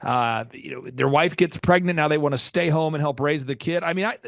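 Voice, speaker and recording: A man hosting a business podcast, talking emphatically, repeating his points and leaping up in pitch in disbelief. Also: fairly quick, vocal fry, no echo, clean studio sound. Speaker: podcast host, business coach. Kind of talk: animated interview talk.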